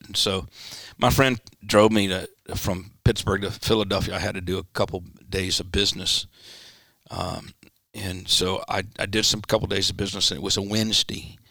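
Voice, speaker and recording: A man, a pastor, telling a personal story in an interview and acting out the quoted dialogue with sudden pitch jumps. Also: gravelly, bright, forceful tone, no echo, clean studio sound. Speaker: pastor, guest. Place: church studio.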